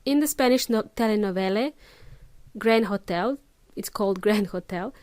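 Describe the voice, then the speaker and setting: A woman's voice: mid-range voice, moderate pace, a little mellow, dry recording. A woman hosting a podcast English lesson, explaining pronunciation patiently and checking in with her listeners often. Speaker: English teacher, podcast host. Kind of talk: casual spoken lesson.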